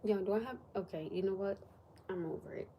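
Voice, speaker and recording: Woman ranting on a live stream, soft warm voice, bit of hiss behind. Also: mid-range voice, fairly quick. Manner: animated, drops to whispers for emphasis. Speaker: livestream host. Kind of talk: casual livestream chat.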